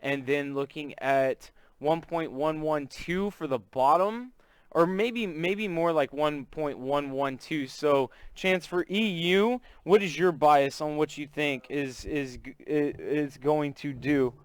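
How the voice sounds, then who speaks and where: A man's voice: a little high, takes it slowly, clear, resonant tone, no echo. A man from Texas with a Southern accent, hosting a live trading stream in casual, chatty talk and greeting viewers by name. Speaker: forex trading stream host.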